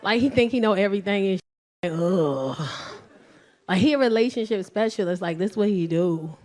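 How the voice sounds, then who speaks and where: A woman's voice: mid-range voice, quick pace. Brash New York woman comic. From South Bronx, New York. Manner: brash, profane, loud bursts and mock voices. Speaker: stand-up comedian. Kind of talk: stand-up set.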